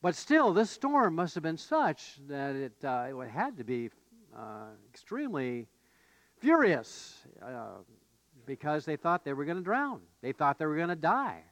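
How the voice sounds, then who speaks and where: A male pastor preaching a conversational sermon, with fillers and restarts, rising to animated outbursts when he voices the disciples. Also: a little high, unhurried, no room sound.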